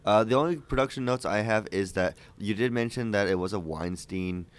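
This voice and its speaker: A man co-hosting a casual movie podcast, joking around and rambling with halting fillers. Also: on the low side, smooth. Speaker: podcast co-host.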